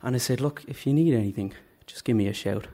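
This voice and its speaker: A man's voice: medium pitch, fast talker, warm tone. Chatty Dublin man telling a story onstage. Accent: Dublin Irish. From Dublin, Ireland. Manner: chatty, self-mocking, acts out voices. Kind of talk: live comic storytelling. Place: stage at a live story night.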